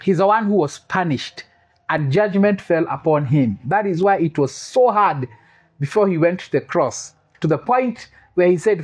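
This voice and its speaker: A man's voice: high-pitched, expressive, moderate pace, husky. A man preaching a sermon, repeating key phrases for emphasis, asking the congregation questions and adding humorous asides. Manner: quizzes the congregation for responses.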